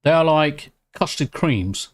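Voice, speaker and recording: A British man chatting casually on a live stream. He reacts excitably to chat and swears freely. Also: fairly high pitch, slow. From United Kingdom. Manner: excitable, swears freely, talks while eating.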